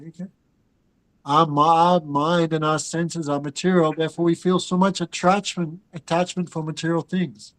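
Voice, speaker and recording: A man's voice: fairly high pitch, rough recording. Man teaching a scripture class. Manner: chants Sanskrit and Bengali verses, then explains them with asides to students. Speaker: spiritual teacher.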